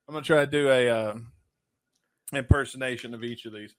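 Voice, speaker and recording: A man co-hosting a casual podcast and reading quiz questions, loud and crude with lots of joking. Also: mid-range voice, a little fast, pauses often, clear, resonant tone. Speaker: podcast co-host.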